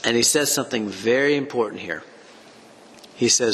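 A man's voice: medium pitch, normal speed, fairly bright tone. A man teaching on a Bible passage for a podcast, reading scripture aloud and reflecting on it as he goes. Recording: long hall reverb.

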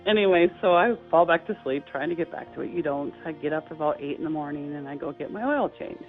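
A middle-aged woman, an interview guest, telling a personal story in a halting, heartfelt way with many fillers and restarts. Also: low-pitched. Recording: tinny phone-line sound with faint music.

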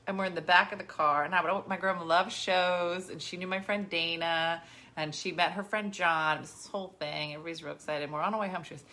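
A middle-aged woman chatting casually, telling lively stories and acting out the voices of the people in them. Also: on the low side, quick pace. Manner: animated storyteller who acts out quoted voices. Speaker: storyteller. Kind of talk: casual chat.

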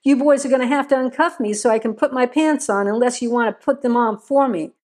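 A woman's voice: a little high, big pitch swings, a little fast, pitched above the performer's own voice. A woman voicing a cocky male suspect who talks back in a snide, quipping way.

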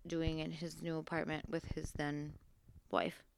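A woman's voice: sits low, little pitch movement, measured pace, gravelly, a little hiss or hum. A woman in her thirties co-hosting a casual chat with her husband, laughing and correcting his version of a story. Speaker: podcast co-host.

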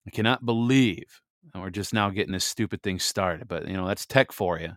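An American man co-hosting a faith podcast, chatting casually and laughing at himself, then reading scripture aloud in a steady, measured way. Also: sits low, no echo, clean studio sound. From United States. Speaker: podcast co-host.

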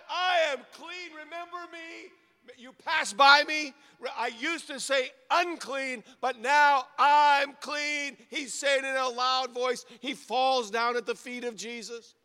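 A middle-aged male pastor preaching a sermon, repeating short phrases and swinging from quiet to loud. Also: high voice.

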